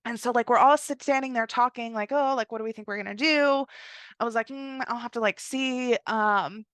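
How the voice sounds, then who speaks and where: Young woman, podcast host, casual storytelling, lots of "like", fairly high voice, dry sound. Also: brisk, dry recording. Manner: chatty, heavy use of "like", animated quoted asides.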